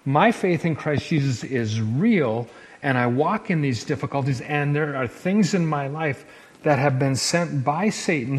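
A man's voice: on the high side, poor audio. A male pastor preaching a sermon to his church in an emphatic, conversational way, often restarting his phrases.

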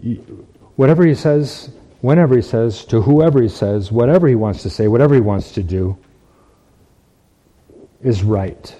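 A man's voice: mid-range voice, moderate pace, pauses often, warm tone. A man preaching a sermon, reading scripture aloud and repeating key phrases for emphasis.

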